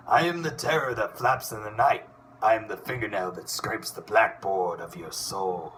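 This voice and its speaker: A man voicing a theatrical, boastful male superhero duck who booms dramatic declarations. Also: sharp tone, slight background noise.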